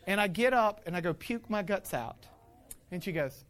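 A man preaching to a congregation, telling playful stories about his family with laughter and lively acting-out. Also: high-pitched, fast, a little hiss or hum. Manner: animated, playful storytelling with laughter. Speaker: pastor. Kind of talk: sermon with personal stories.

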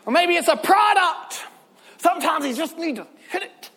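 A man preaching a sermon, telling stories with lively swings into loud shouts. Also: extremely high pitch, normal speed. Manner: animated storytelling, bursts into loud shouts. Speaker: pastor. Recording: long hall reverb.

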